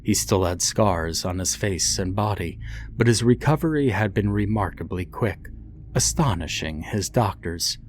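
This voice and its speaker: A man reading a horror story aloud in a slow, deliberate, grim way. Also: lowish voice, expressive, a little hiss or hum. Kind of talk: scripted horror narration.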